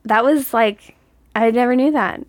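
Chatty giggly lady, kinda high voice, dry close sound. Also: unhurried, no room sound. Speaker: co-host. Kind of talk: casual chat.

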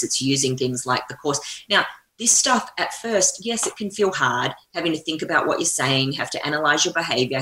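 A woman's voice: very deep voice, pushed and bright. A woman speaking as an interview guest, talking energetically in a coaching tone. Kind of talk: conversational interview. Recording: echoey room.

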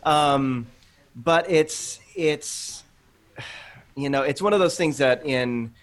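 A man in his late thirties, a guest author on a faith podcast, talking earnestly and telling animated stories with quoted asides. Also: fairly high pitch, slow. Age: 30s. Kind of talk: conversational interview.

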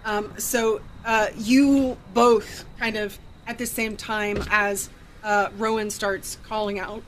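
Woman, game master, tabletop narration, hesitant, many fillers, middling pitch. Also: level tone, slow pace, a little hiss or hum. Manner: hesitant, full of fillers and restarts.

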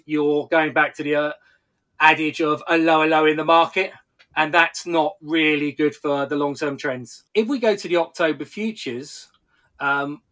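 A man giving technical market analysis on a podcast, explaining in a measured way with occasional stumbles and restarts. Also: fairly high pitch, pushed and bright.

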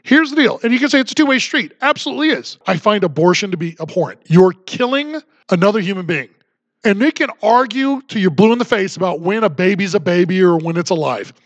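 A man's voice: high voice, lively intonation, quick pace, no echo, dull audio. A man hosting a political commentary podcast, talking in an emphatic, combative and sarcastic manner. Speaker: podcast host.

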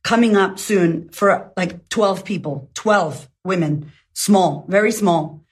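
A woman's voice: on the low side, slow, slightly rough. A woman in her thirties giving a blunt, fiery motivational talk as a life coach, swearing freely, speaking into her phone.

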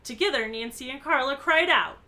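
A woman co-hosting a casual podcast, retelling a book's story and acting out its quoted lines with lively emphasis. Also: high voice, fairly quick. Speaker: podcast co-host. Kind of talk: casual book recap with commentary.

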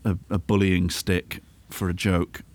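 A man's voice: low voice, little pitch movement, a little slow, darkish tone. A man hosting a casual comedy podcast, teasing his guest in a mock-bullying way.

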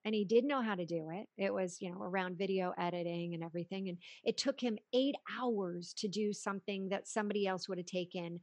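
A woman hosting a podcast interview, chatting casually, encouraging her guest with quick laughs and short affirmations. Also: medium pitch, no room sound. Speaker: podcast host.

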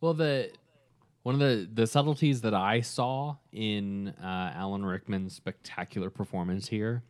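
A man co-hosting a casual film discussion, thoughtful and halting, full of fillers. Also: on the low side, clear, resonant tone. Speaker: podcast co-host.

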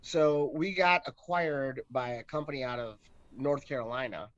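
A man appearing as a brewery co-founder guest in a casual interview, speaking hesitantly with many pauses and restarts. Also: mid-range voice, fairly bright tone, no echo. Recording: dull, dry lo-fi sound.

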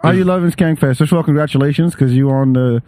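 A man's voice: fairly high pitch, quick pace, dark tone. A man hosting a podcast, chatting loosely and joking, swearing freely, recorded on a hotel terrace. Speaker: podcast host. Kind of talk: casual chat.

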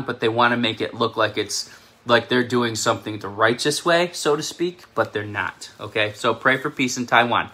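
A man's voice: medium pitch, sharp tone. A man with a New York accent giving a casual, rambling prophecy update, often laughing at himself. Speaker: self-described prophetic channel host.

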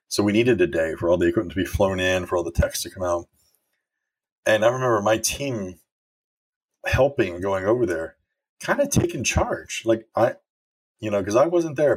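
Middle-aged man, low husky voice, candid storyteller giving a motivational leadership talk. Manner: candid and storytelling, with occasional swearing. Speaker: former manager sharing leadership lessons.

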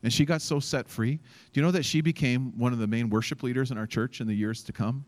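A male pastor preaches from a church stage, telling a story with lots of energy. His pitch sits in the middle range for a man, and he acts out the quotes while filling his sentences with casual fillers. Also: steady tone, fairly quick, a little mellow. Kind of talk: sermon storytelling.

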